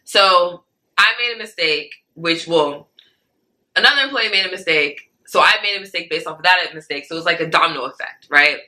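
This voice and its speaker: A young woman telling a story as an interview guest in casual talk. She is animated, acts out what others said, and fills her speech with "like" and "right?". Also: lowish voice, brisk, low-quality recording.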